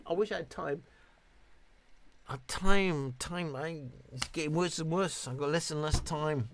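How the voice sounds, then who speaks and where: British bloke, late fifties, fairly high voice, rambling tipsy live-stream chatter, swears a lot. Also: male voice, a little slow, a little hiss or hum. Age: 50s. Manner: chatty, rambling, swears freely, reads chat aloud. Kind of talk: casual live-stream chat reading comments.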